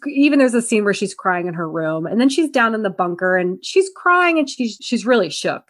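A young woman co-hosting a casual movie review podcast, animated and swearing, acting out characters' lines. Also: fairly low pitch. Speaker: podcast co-host.

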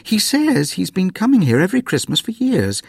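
A man's voice: high-pitched, huge pitch swings, normal speed, creaky, breathy edge, dry recording, studio quality, voice pushed up, full character voice. A man voicing an earnest, slightly nervous young mother in a storybook reading. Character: anxious practical young mother.

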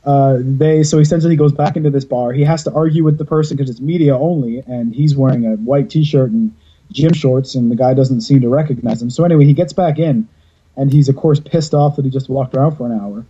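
A man's voice: medium pitch, a little fast, dark tone, breathy edge, muffled recording. A man hosting a podcast over a video call, telling stories in a rambling, casual way and swearing freely. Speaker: podcast host.

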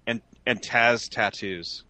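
A male podcast co-host in casual comedic chat, riffing crudely and excitably. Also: on the low side, takes it slowly, no echo.

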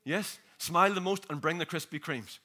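A tired, jet-lagged man with a fairly high voice preaches a lively, jokey sermon at normal speed, laughing often and calling out to the crowd.

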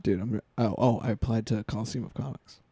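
A man with a low, gravelly and mellow voice, chatting casually on a close, dry mic. He talks loosely, swears freely and laughs often. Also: steady tone, brisk, no echo. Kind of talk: casual podcast chat.

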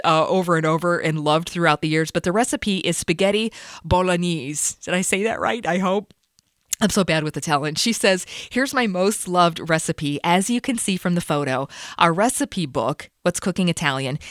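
Gal hosting a radio show, lowish voice, laughs at herself a lot, dry sound. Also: female voice, a bit bright, no room sound. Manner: chatty, laughs easily, self-deprecating. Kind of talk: casual chat.

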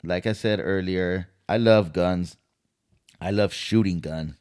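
A man's voice: low-pitched, slow pace, darkish tone, smooth. A man hosting a podcast, ranting in a casual, heated and profane way. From California. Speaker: podcast host. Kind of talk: casual commentary.

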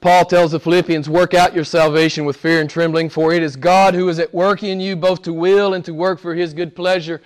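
A man preaching a sermon in a church as pastor, emphatic, asking rhetorical questions and swinging between hushed and forceful delivery. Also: fairly high pitch, level tone, fairly quick, hardly any pauses, clear, resonant tone.

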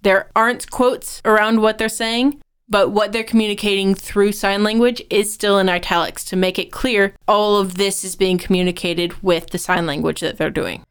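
Very smooth-voiced woman podcast co-host. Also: mid-range voice, fairly even intonation, moderate pace, hardly any pauses. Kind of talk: conversational writing-advice podcast.

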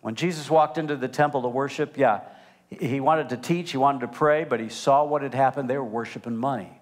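An older man, grandfather of a toddler, preaching a sermon as pastor, animated and emphatic, swinging between loud emphasis and hushed asides. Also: medium pitch.

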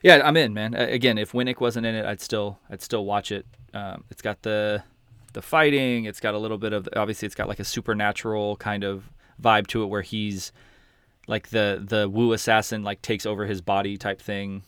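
A man's voice: lowish voice, steady tone, normal speed, a bit bright, smooth, no room sound, studio quality. A man hosting a podcast, chatting casually and rambling with many restarts and casual swearing. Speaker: podcast host. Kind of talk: casual chat.

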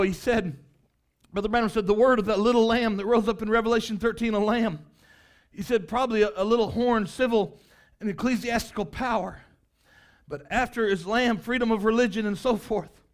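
High-voiced preacher man, fiery sermon. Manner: builds to impassioned shouting, rhetorical questions to congregation; high-pitched, emphatic, sweeps between quiet and loud.

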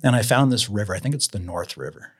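A man's voice: fairly low pitch, fast talker, husky. A man from Idaho, a guest, telling fishing stories casually and acting out the voices of people in them. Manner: animated storyteller acting out quotes. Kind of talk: casual storytelling.

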